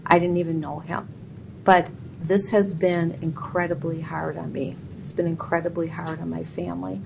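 A woman's voice: lowish voice, little pitch movement, moderate pace, gravelly. A middle-aged woman with an Upper Midwest American accent, a judicial candidate answering an editorial board firmly and plainly. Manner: firm, emphatic denials, plainspoken. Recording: noisy room audio.

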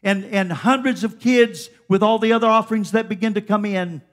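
A woman's voice: medium pitch, brisk. A woman preaching a fervent Pentecostal sermon at a church service, exhorting the congregation. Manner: fervent, exhorting, with repeated calls of "come on".

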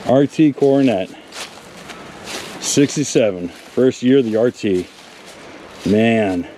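A man's voice: medium pitch, lively intonation, slow, dark tone, slight background noise. A man presenting a casual outdoor walkaround of old cars, chatting to viewers and talking to the cars themselves. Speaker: car magazine presenter. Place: outdoors in a wooded salvage yard.

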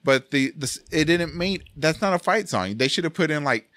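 A man hosting a casual podcast chat about a film, animated and rambling, laughing often. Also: a little high, brisk, dry recording. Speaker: podcast host. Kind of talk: casual movie review chat.

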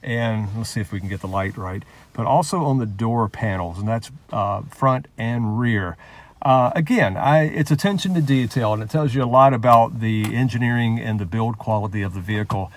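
A man's voice: on the low side, moderate pace. A man co-hosting a casual car review, easygoing and chatty, talking from inside a moving pickup truck. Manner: easygoing, chatty, laughs often. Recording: road and engine noise. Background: vehicle road noise.

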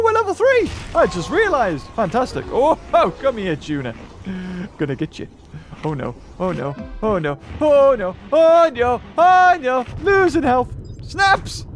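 This is a man with a high, very lively voice, chatting through a session of a game he is playing. He reacts out loud, calls out to the game and breaks into laughs. Game music plays clearly behind him. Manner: excitable, talks to the game, yelps and laughs. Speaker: gaming channel host. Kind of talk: casual gameplay commentary.

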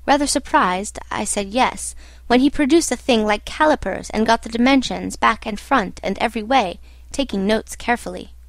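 A woman narrating a classic novel as an audiobook in a measured storytelling manner. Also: a little high, dry recording.

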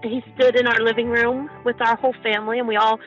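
Grieving mother guest, emotional and halting, higher voice, dull lo-fi recording with faint music underneath. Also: level tone, a bit bright. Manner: halting, many ums and restarts. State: emotional, holding back tears. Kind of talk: emotional interview recollection.

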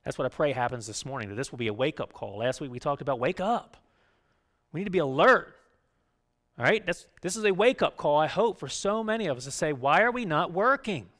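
A man preaching a sermon as pastor, talking conversationally and often checking in with "right?", moving between loud urging and quiet. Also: fairly high pitch, expressive, brisk. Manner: conversational, keeps asking "right?".

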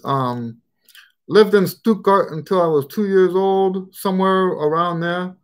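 Man, mixed American accent, slightly high voice, rambling casual live-stream talk, lots of ums. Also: a little slow, smooth. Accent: mixed American, Texan and Western Pennsylvania touches. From United States. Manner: rambling, conversational, many fillers and asides. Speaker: trumpet teacher hosting a live Q&A.

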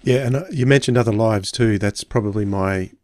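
A man's voice: lowish voice, fairly quick, a little mellow, no room sound, clean studio sound. A man co-hosting a podcast who talks eagerly and speaks openly about what he loves and hates. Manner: enthusiastic, frank about his likes and dislikes. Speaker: podcast co-host. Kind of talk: casual chat.

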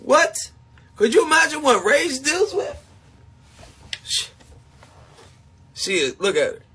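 Guy on a livestream talking slow to his fans, high breathy voice, keeps repeating himself. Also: very animated, bright, forceful tone. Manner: emphatic and confessional, repeats himself; laughs often between points. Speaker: live streamer talking to supporters. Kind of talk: casual livestream chat.

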